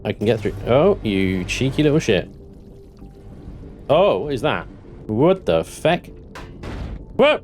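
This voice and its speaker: A man's voice: mid-range voice, very animated, slow, long pauses, soft background music. Male gamer, mid-range voice, chatty self-talk that flips to comic panic. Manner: thinks aloud, swings into panicked yelling and joking curses. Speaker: gaming channel host. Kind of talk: let's-play commentary.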